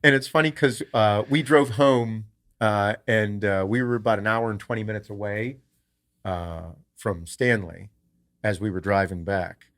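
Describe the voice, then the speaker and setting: A podcast host telling a casual story in a profane, rambling way. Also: male voice, lowish voice, fairly even intonation, unhurried, a bit bright. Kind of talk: casual chat.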